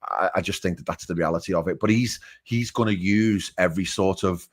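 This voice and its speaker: A middle-aged man with a fairly low voice, talking things through frankly on a fan stream panel. He hedges his points and keeps the debate casual and open. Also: fairly quick. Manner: frank, hedging with "I'll be honest".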